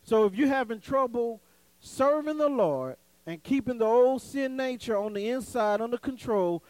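High-voiced man preaching with dramatic swings. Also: lively intonation, normal speed, a little mellow, no room sound, low-quality recording. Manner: call-and-response preaching, dramatic swings in pitch and volume; folksy, conversational asides with laughter. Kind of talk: sermon.

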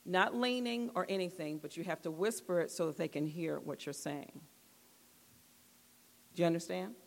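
A woman's voice: lowish voice, moderate pace, creaky. A woman leading a church group through an exercise and a devotional talk, patient and repeating her instructions. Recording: long echoey hall reverb.

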